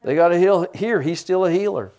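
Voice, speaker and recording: A middle-aged man preaching a sermon, lively with teasing humor and asides. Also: high voice, a little fast. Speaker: pastor.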